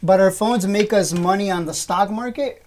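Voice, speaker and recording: A woman's voice: mid-range voice, normal speed, a little mellow, slight background noise. A woman in her thirties hosting a casual live stream, teasing her chat with profane, joking rants and frequent laughter. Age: 30s. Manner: laughs often between lines. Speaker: livestream host reading chat.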